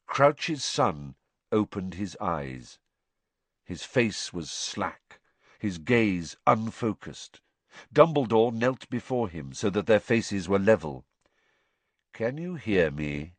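A man reads a story aloud in a measured, low-key way. His pace is slow and unhurried, and his voice sits on the low side. The recording is dry and close to the mic. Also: very animated, dry recording. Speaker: audiobook narrator. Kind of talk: scripted narration.

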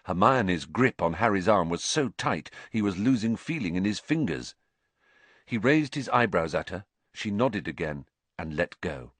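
Low-voiced man narrating a story dramatically. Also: expressive, moderate pace, fairly bright tone, no room sound. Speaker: audiobook narrator. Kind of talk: scripted narration.

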